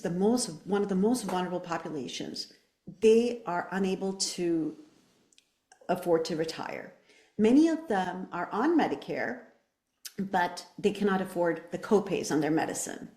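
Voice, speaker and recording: A woman's voice: mid-range voice, a little mellow, roomy sound. A woman running for office, answering interview questions with passion and emphatic rhetorical questions. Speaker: political candidate.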